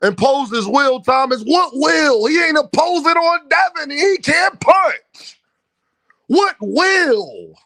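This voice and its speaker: Loud-mouthed guy ranting on his stream, high voice all over the place, cussing and clowning people. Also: very animated, slow pace, vocal fry, no echo, clean studio sound. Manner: brash, profane, mocking, teasing. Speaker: boxing livestream host. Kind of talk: heated livestream rant at viewers.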